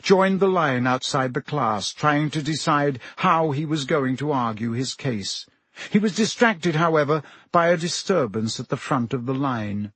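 A man's voice: fairly high pitch, expressive, unhurried, fairly bright tone, slightly rough, no echo. A man narrating a storybook aloud, telling the scene expressively. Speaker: audiobook narrator. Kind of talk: scripted narration.

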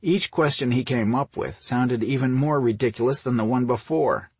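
Low raspy guy reading a story, steady pace, super dry close sound. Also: moderate pace, few pauses, no room sound. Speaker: audiobook narrator. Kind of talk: scripted narration.

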